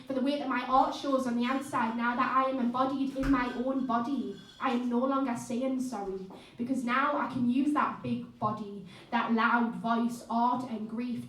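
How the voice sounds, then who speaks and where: Spoken word poet, female, high register, impassioned and rhythmic, captured live in an echoey venue from a distance. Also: a bit bright. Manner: impassioned, rhythmic delivery with chatty asides. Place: live music venue stage. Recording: echoey room, mic at a distance.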